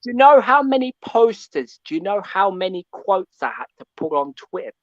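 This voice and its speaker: A man's voice: high voice, very animated, moderate pace, fairly bright tone, no room sound. Guy ranting down the line, preachy, keeps going "yeah?", sound's a bit muffled, dry. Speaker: caller. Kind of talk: call-in fan rant.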